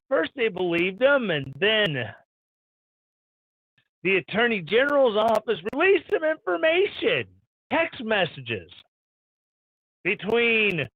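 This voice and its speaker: Brief: high-pitched male live stream host, irreverent ranting commentator. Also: dry recording. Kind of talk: sarcastic news commentary. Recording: dull lo-fi stream audio.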